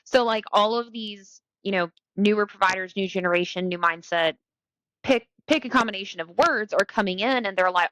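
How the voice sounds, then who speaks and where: A woman co-hosting a podcast about emergency medicine, speaking frankly and in an animated way as she acts out what people say. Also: medium pitch, a little fast, rough recording. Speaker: podcast co-host. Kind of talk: casual podcast conversation.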